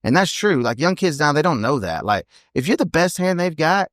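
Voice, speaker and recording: A man, a podcast guest telling blunt, rapid stories in casual chat. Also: on the high side, big pitch swings, a bit bright, no echo, clean studio sound. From United States. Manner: blunt, fast storytelling with many "you know what I mean"s. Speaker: podcast guest, team roper.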